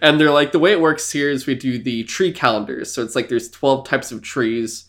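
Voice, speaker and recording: A young man co-hosting a podcast in casual chat. He tells animated stories, laughing often and swearing freely. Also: medium pitch, moderate pace. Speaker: podcast co-host.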